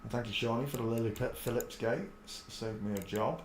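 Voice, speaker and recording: English man, live-stream host, chatty, middle pitch, echoey room, faint background hiss. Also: a little fast. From England. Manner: chatty, talks to his pets and viewers while clicking through posts. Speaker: livestream host. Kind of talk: casual live-stream chat. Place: cold room at home.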